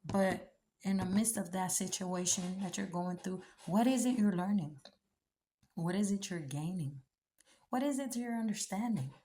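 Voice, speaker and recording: A woman's voice: lowish voice, moderate pace, warm tone. A woman giving a blunt, preachy faith talk, with slangy asides. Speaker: speaker giving encouragement.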